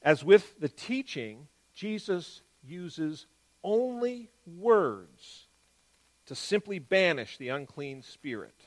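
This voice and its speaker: A man giving an explanatory Bible teaching, stressing key words and moving between quick and drawn-out phrasing. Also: a little high, sing-song.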